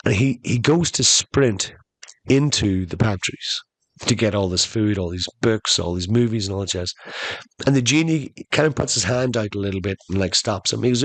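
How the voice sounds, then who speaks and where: A man's voice: fairly low pitch, moderate pace, dry recording. A man hosting a podcast, telling a comic story in a chatty way that speaks straight to the listeners. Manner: conversational, addresses listeners as "folks". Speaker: podcast host.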